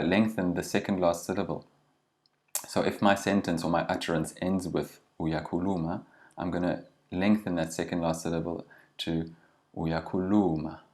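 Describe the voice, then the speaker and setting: A man teaching a language lesson, patiently explaining grammar and slowing down to model each phrase. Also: sits low, darkish tone. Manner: patient, slows down to model pronunciation.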